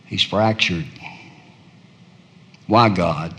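Animated preacher man, hushed to soaring. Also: unhurried, pauses often, in a large hall. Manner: dramatic swings from hushed murmur to loud high cries. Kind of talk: sermon.

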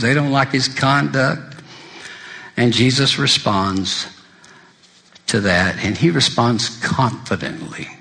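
A male preacher delivering a sermon, shifting between loud emphasis and quiet intensity and quoting scripture in old-fashioned wording. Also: mid-range voice.

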